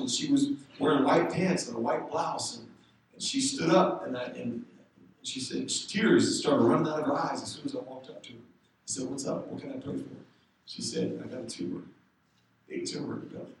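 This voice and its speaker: Preacher in a booming echoey church. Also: male voice, slight background noise. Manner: storytelling, building to loud shouted exhortation. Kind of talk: sermon. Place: church sanctuary. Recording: echoey room, speaker far from the mic.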